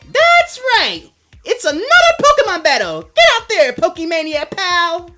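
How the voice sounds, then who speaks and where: A man in a pinched falsetto voicing a peppy, teasing female streamer who runs a gym in a video game. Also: huge pitch swings, normal speed, bright, forceful tone, faint music behind, heavily acted.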